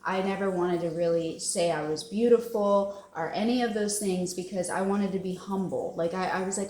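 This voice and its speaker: A woman's voice: medium pitch, steady tone, moderate pace, hardly any pauses, a little mellow, slight background noise. Woman vlogger, heartfelt and rambling, echoey room. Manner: emotional, rambling, laughs often. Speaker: wellness vlogger. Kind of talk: casual confessional vlog.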